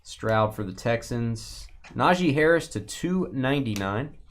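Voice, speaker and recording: A man hosts a live card-break stream with an animated, lively voice that swings up and down. He jokes with the chat as he reads out names and teams, and he chats easily about each pack he opens. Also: medium pitch, measured pace. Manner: chatty asides about cards as he opens packs. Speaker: host of a live sports card group break. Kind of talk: casual live-stream commentary.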